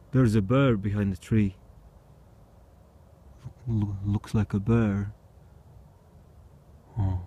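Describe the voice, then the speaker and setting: A man's voice: on the low side, mellow. A man talking casually outdoors at night as he runs a small experiment, hesitant and wondering, with bursts of animal imitations. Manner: hesitant, wondering, with bursts of mooing, barking and meowing. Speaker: vlogger.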